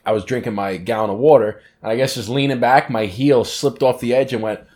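A man co-hosting a casual podcast, telling stories in an animated way, swearing and laughing often. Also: mid-range voice, fairly quick. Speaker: podcast co-host. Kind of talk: casual chat.

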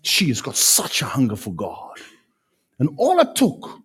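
Animated preacher man. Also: mid-range voice, unhurried, husky. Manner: animated, emphatic preaching with sudden loud peaks. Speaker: pastor. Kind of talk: sermon.

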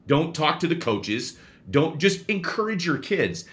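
A man's voice: on the high side, a little slow. A man who coaches youth baseball, chatting casually and telling stories with lots of restarts and repeated words. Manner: animated storyteller, many restarts and repeats. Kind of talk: casual chat.

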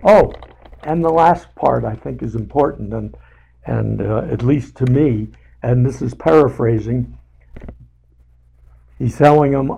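A man teaching a casual Bible study in a slow, unhurried way, stopping often to restart a thought. His voice is gravelly, with a warm, darker tone. He leans on paraphrased scripture for emphasis. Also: mid-range voice, poor audio.

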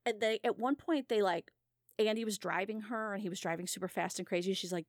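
A woman's voice: mid-range voice, fast, no echo, clean studio sound. A woman in casual conversation, telling a long anecdote and acting out the people in it, laughing often. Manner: animated, acts out quoted voices, laughs often. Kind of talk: casual chat, storytelling.

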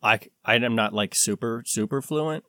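A man's voice: mid-range voice, moderate pace, sharp tone, dry recording, clean studio sound. A man co-hosting a podcast, chatting casually and rambling with frequent fillers. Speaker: podcast co-host. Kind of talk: casual chat.

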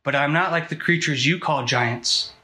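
A man reading aloud the lines of a huge, calm male lion in a slow, solemn, measured way during a talk. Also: on the high side.

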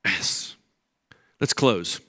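An older pastor preaches a sermon extremely slowly, telling stories with animation and acting out the voices of the people in them.

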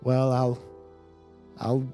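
A man's voice: medium pitch, completely flat delivery, drawn-out words, warm tone, faint music behind. A man playing a fumbling husband who talks in hesitant, stammering restarts. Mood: awkward.

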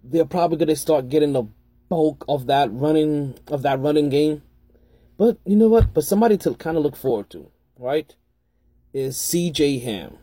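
A man talks through fantasy football picks on his podcast in a loose, rambling way, starting over and correcting himself as he goes. His voice is mellow and a little husky, sitting slightly high for a man. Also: expressive, moderate pace, dry recording. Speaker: podcast host. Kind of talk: casual fantasy football tips.

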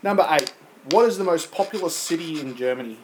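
A man's voice: a little high, animated, quick pace, slight background noise, poor audio. A man from Australia hosting a quiz in casual chat, joking and teasing while reading out the questions. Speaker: quiz host of a podcast.

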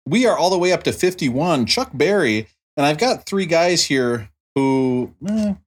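A man's voice: fairly high pitch, very animated, unhurried, breathy edge. A man hosting a casual music podcast, joking and bantering with his guests. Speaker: podcast host.

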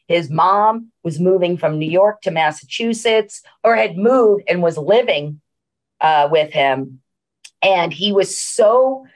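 A middle-aged woman, a senior living executive, telling a story in a casual interview with many fillers and restarts. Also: lowish voice.

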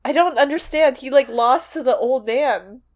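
Young woman podcaster, higher voice, laid back, recapping the plot with asides. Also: moderate pace. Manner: relaxed, summarizing the plot with asides. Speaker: podcast co-host. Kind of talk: casual book discussion.

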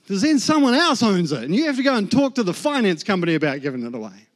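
A fast-talking guest preacher in his thirties, with a New Zealand accent, gives his sermon testimony in a high, sing-song voice. He performs the voices in his head and the words of God as he tells his story.

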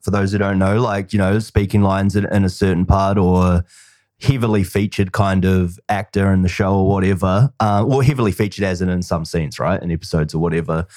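A man's voice: sits low, fairly quick, dry recording. Kiwi guy hosting a podcast, lots of like and you know, dead dry sound. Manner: animated storyteller, frequent "like" and "you know". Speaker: podcast host. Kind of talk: casual chat.

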